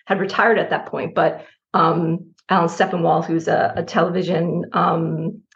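Brief: middle-aged woman writer from New Jersey, candid and animated, often laughing, gravelly voice, slightly muffled mic. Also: on the low side, normal speed. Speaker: writer guest. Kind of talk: candid interview conversation.

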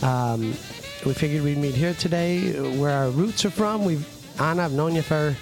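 A male podcast host chatting at a fairly high pitch, rambling along with fillers and false starts. He is recorded in a bustling coffee shop, and music plays clearly in the background. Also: normal speed. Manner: rambling, many fillers and restarts. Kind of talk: casual podcast chat.

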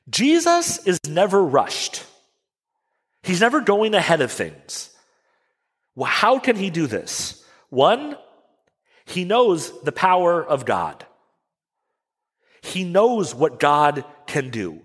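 A man preaching a sermon as a pastor, telling the story with animated rhetorical questions. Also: high voice, slow, long pauses, breathy edge, in a large hall. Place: church sanctuary.

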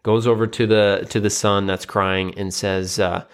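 A man's voice: on the low side, level tone, moderate pace, clear, resonant tone. A young adult man hosting a solo podcast, casually retelling a story with lots of uh and you know fillers. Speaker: podcast host.

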